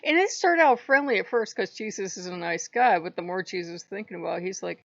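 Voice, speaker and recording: A woman's voice: mid-range voice, fast, hardly any pauses, no echo, dull audio. A woman hosting her own channel, telling a story in a blunt, profane, casual way with laughing asides. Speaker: channel host.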